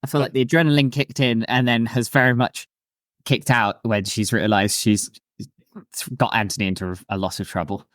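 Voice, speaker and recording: A man's voice: medium pitch, fairly even intonation, normal speed, fairly bright tone, no room sound, clean studio sound. A man playing a tabletop game who talks in a hesitant, self-deprecating way. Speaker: player.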